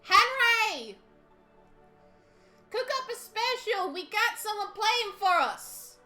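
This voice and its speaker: A woman's voice: a little high, lively intonation, slow, soft background music, exaggerated voice. A woman voicing a friendly middle-aged innkeeper with a put-on Southern accent and a folksy, drawling manner. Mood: shouting. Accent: American Southern, put on. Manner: warm folksy hospitality, drawling.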